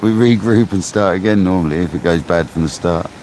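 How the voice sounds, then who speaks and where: Low-voiced man chatting live from the shore. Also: fairly quick. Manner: chatty, laid-back, laughs often, calls viewers mate. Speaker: fishing live-streamer. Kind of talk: casual live-stream chat with viewers. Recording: outdoor mic with loud surf noise. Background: ocean waves.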